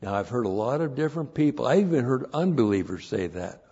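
A man pastor giving an expository sermon, deliberate and emphatic, with pauses and fillers. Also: medium pitch, expressive, dark tone, husky, muffled recording. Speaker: pastor and Bible teacher.

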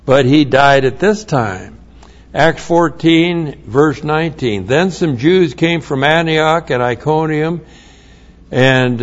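A man preaching a sermon, reading scripture and explaining it in plain asides, getting louder when excited. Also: on the high side, slow pace, lo-fi sound.

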